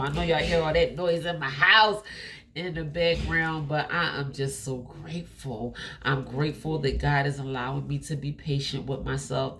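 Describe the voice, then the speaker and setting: A woman, giving a motivational talk at home in an emphatic, preachy way, repeating phrases. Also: deep voice. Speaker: motivational vlogger. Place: at home, partly on a treadmill.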